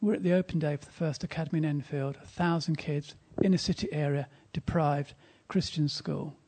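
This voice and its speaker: Raspy, gravelly-voiced man preaching. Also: a little high, fairly even intonation, a little fast. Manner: emphatic, storytelling, drops to a whisper in quiet moments. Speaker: speaker at a church service. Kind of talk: sermon with storytelling.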